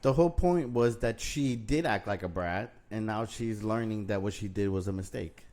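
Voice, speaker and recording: A man co-hosting a casual show, calmly arguing his side. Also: lowish voice, normal speed. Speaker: podcast co-host. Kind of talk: casual chat.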